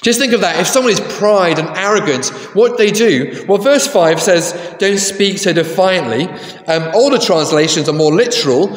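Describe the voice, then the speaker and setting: A man's voice: high-pitched, animated, moderate pace, few pauses. A man preaching a sermon in a conversational way, asking the congregation questions. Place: large church. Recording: echoey church with long reverb.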